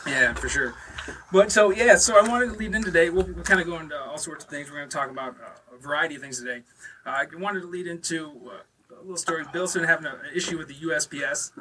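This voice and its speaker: A man hosting a podcast talks fast in a loose, rambling way, full of fillers. His voice sits a bit high. He sounds set back from the mic, with clear hiss underneath. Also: bright, forceful tone. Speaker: podcast host. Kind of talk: casual chat. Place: podcast studio. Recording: distant mic with audible hiss.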